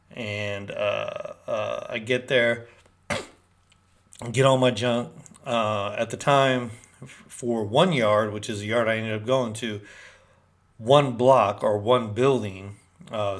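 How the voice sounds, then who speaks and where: Slangy man telling a rambling story. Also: fairly low pitch. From Northern California. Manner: slangy, rambling, street talk. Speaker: storyteller recounting prison life. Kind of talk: casual storytelling.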